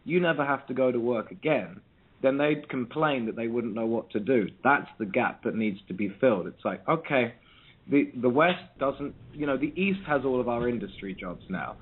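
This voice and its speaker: A man's voice: mid-range voice, lively intonation, moderate pace, husky. A man from South London, a musician guest talking over a phone line in a reflective way, often restarting his sentences. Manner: reflective, with frequent restarts and ums. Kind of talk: casual interview.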